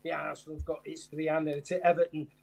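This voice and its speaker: An older man, a former footballer talking as a guest in casual chat, jokey and animated, often repeating his phrases. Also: fairly high pitch, fast, vocal fry, slight background noise.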